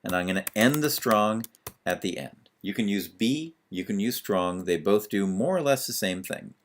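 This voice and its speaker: A man's voice: on the low side, animated, normal speed, a little hiss or hum. A man teaching a screencast lesson on web pages, talking through each step as he types, with fillers. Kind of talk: screencast tutorial.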